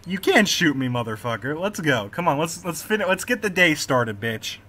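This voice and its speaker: A young man hosting a gaming video, joking with a friend in loud, profane banter. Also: a little high, big pitch swings, normal speed, background noise. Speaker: gaming channel host. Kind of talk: casual gaming chat with a friend.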